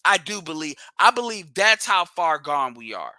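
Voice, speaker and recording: A man's voice: high-pitched, sing-song, moderate pace, pushed and bright, dry recording. A man hosting a livestream, ranting bluntly and profanely and hammering his points through repetition. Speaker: livestream host.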